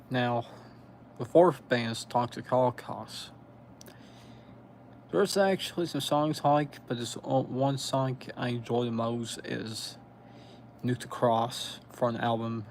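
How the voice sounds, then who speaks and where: A man with a Southern US accent chatting on a live stream, pausing often as he recalls band names. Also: medium pitch, slight background noise. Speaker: metal music streamer. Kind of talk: casual live stream chat.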